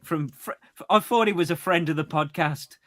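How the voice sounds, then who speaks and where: A man's voice: a little high, moderate pace, a bit bright, no echo. A man co-hosting a podcast in casual chat, reading out listener messages and laughing often. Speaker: podcast co-host.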